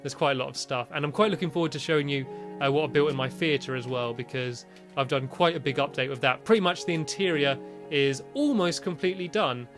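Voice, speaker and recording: A young British man chatting casually as he plays and shows off his builds, turning shrill and panicky when danger appears. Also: a little fast. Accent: British English. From Britain. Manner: chatty, breaks into high panicked yelps. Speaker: gaming video creator. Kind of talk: casual game commentary. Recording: faint music behind.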